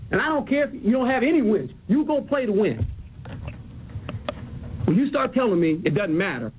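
A man shouting emphatically at a press conference as a coach, played back as an archive clip. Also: high voice, very animated, normal speed, phone-quality sound, slight background noise.

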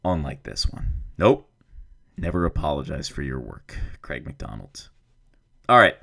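A man's voice: very deep voice, very animated, measured pace, gravelly, a bit bright. A man hosting a podcast, talking in a rambling, self-deprecating, joking way. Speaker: podcast host. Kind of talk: casual podcast intro and interview. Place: office.

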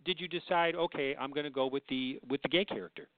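Host asking halting questions on the phone. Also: male voice, on the high side, no echo. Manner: halting, repeats words while asking questions. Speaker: show host. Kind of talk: casual interview questions. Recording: tinny phone line.

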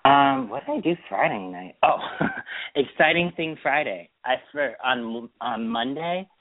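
A man's voice: on the high side, sing-song, measured pace, vocal fry, no room sound. A man co-hosting a podcast, chatting casually and telling stories about his weekend, acting out what people said. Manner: chatty storyteller, quotes people in put-on voices. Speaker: podcast co-host. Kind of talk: casual chat. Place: Boston. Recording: dry phone-line sound.

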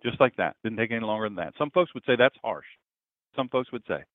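A pastor telling a story in a sermon, his voice swinging between loud stretches and hushed ones. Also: fairly low pitch, animated, quick pace, no room sound, narrow, tinny audio.

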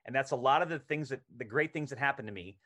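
Animated man telling a story. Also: mid-range voice, fast. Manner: animated anecdote telling, acts out quoted lines. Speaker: actor as podcast guest. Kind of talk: casual storytelling interview.

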